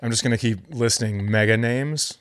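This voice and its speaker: A man's voice: mid-range voice, normal speed, a bit bright. Dry-humored man telling stories. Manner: dry, joking, tells anecdotes. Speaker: podcast co-host, comedian. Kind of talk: casual chat, storytelling.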